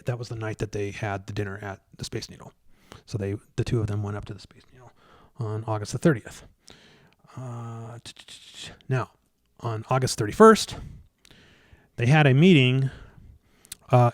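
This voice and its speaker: Male guest, mid-pitched, halting casual storyteller who livens up in the retelling, dry room. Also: dry recording. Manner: halting, many restarts and fillers; animated when retelling scenes. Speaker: guest researcher.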